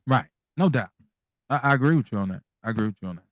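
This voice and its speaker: A man hosts a call-in radio show, speaking bluntly and candidly with lots of profanity. His voice sits in an ordinary middle pitch. The sound is dry and close to the mic. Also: lively intonation, racing, no room sound. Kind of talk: casual call-in radio talk.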